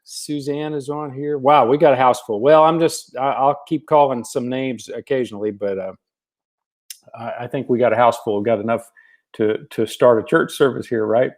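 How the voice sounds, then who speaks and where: A man in a relaxed livestream from home, reading out viewers' names one after another in a folksy, easygoing way. His voice sits at an ordinary middle pitch, and he fills his pauses with plenty of ums and uhs. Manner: folksy, warm greetings by name, frequent fillers. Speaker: gospel singer hosting a livestream. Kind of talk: casual livestream chat greeting viewers.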